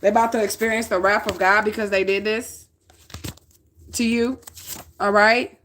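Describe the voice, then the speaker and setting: With a steady, medium-pitched, fairly bright voice at a moderate pace, a woman from the northern U.S. gives a casual tarot reading. She's blunt and profane, often checking in with "okay?", over slight background noise.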